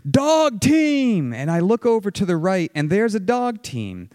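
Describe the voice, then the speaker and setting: A young man telling a dramatic personal story, vivid and excited, acting out shouted quotes. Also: sits high, normal speed, no room sound. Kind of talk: personal story told to an audience.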